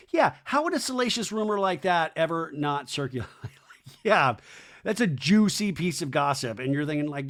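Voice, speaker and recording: A young man with a fairly high, very lively voice recaps reality TV on his podcast. He gossips in a campy, playful way and mimics the people he talks about with exaggerated voices. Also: brisk. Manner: campy, gossipy, acts out cast members' lines in silly voices. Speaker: podcast host.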